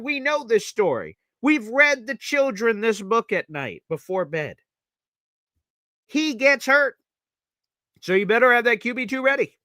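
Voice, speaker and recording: This is a male sports talk host reacting live, blunt and opinionated. His voice sits a little high and swings up and down with energy. It sounds bright and punchy, recorded close in a dry space. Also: no room sound. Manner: animated, blunt, opinionated, swings between excited and mutter.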